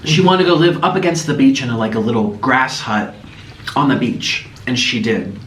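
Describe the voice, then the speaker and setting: A man hosting a mukbang, telling gossipy stories in an animated way. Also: medium pitch, moderate pace. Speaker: host. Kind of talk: casual storytelling during a mukbang. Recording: echoey room with faint noise.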